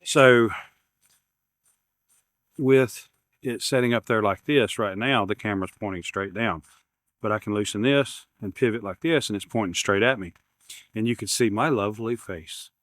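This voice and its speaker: A man's voice: lowish voice, moderate pace, pauses often, fairly bright tone, no echo, clean studio sound. A man, rambling casually as he unboxes gear at his workshop bench. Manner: rambling, repeats words, self-deprecating humor. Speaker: YouTube maker unboxing camera gear.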